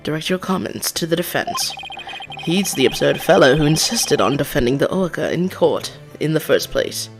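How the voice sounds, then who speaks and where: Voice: mid-range voice, animated, normal speed, creaky. A streamer voicing a haughty male prosecutor in a fake British accent while reading game dialogue aloud, with game music behind. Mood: dismissive. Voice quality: pompous, formal.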